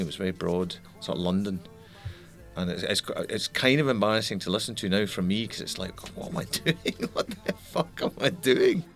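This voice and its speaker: Gravelly low-voiced Scottish man. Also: a bit bright. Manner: thoughtful, rambling, with restarts and asides. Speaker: songwriter and singer; interview guest. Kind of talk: reflective interview talk.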